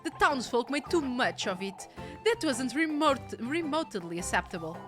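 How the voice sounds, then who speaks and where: Give me a brisk village mother in a game, read by a woman, quiet and low. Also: very animated, music in the background. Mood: curt. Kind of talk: reading game dialogue aloud.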